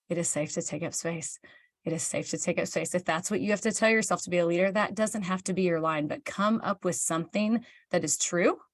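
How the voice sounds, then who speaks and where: A woman's voice: mid-range voice, no room sound, clean studio sound. A woman from Kansas, hosting a motivational live talk for her team, chatty and candid, answering viewer comments and acting out bits of dialogue. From Kansas, United States.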